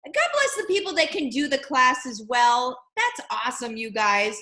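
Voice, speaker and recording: Woman host, casual chat, bright tone, emphatic, chatty, higher voice. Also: moderate pace, roomy sound, low-quality recording. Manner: animated, emphatic, chatty with fillers.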